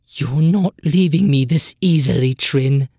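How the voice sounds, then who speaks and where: A narrator voicing a young woman, a worried and loving sister who speaks with a rasping, tearful voice. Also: mid-range voice, unhurried, a little mellow, no echo, clean studio sound, natural voice. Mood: tender. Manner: pleading, tearful.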